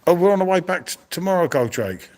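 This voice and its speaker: A man's voice: sits high, lively intonation, fast talker, darkish tone. A middle-aged man, streaming live as he walks around a museum, marvelling at the exhibits and chatting to viewers by name, with the sound picked up by a handheld phone. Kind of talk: live walk-around commentary. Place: indoor museum with old exhibits. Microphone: handheld phone while walking.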